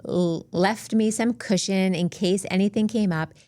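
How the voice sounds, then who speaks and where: A woman's voice: medium pitch, a little slow, mellow. A woman co-hosting a podcast, reading a listener's story aloud with dry asides in casual chat. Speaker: podcast co-host.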